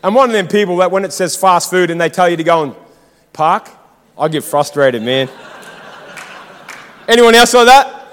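A man's voice: high-pitched, expressive, moderate pace, pauses often, a bit bright, long reverb tail. A man preaching a sermon in a church, fired up and exhortative, calling out to the congregation. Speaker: pastor.

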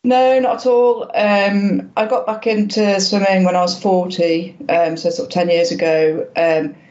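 A woman's voice: mid-range voice, fairly even intonation, unhurried, darkish tone. Hesitant woman in her fifties, slightly muffled. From Wales. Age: 50s. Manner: hesitant, lots of ums and restarts, self-deprecating. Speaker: guest, masters swimmer. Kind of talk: casual interview chat.

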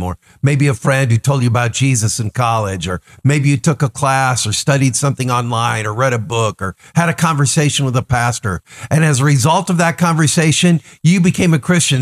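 A man in his sixties, a pastor giving a daily devotional sermon in an earnest, emphatic way, stacking up rhetorical questions and lists. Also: medium pitch.

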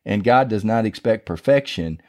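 A middle-aged man gives a devotional talk with an informal, down-home feel. He tells stories in a loose, conversational way. His voice sounds warm and mellow. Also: fairly low pitch, animated, moderate pace. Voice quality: folksy, conversational storyteller. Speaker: preacher.

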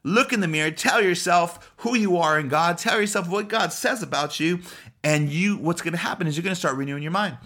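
A male preacher delivers an emphatic, urgent sermon, circling back and repeating himself as he presses each point. His voice sits somewhat high for a man. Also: brisk, pushed and bright. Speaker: pastor.

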